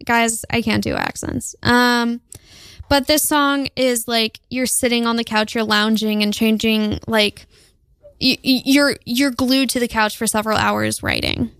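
A woman co-hosting a casual show, chatting with lots of "likes" and "ums" in an animated way. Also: fairly high pitch, unhurried, clean tone, dry recording. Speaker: podcast co-host. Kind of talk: casual chat.

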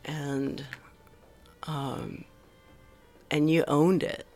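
A woman's voice: deep voice, flat delivery, faint music behind. A middle-aged woman with a Valley girl accent, a musician guest in a casual radio interview, talking in a drifting, hesitant way. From the San Fernando Valley, California. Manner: slow, drifting, hesitant with many ums and soft trailing asides.

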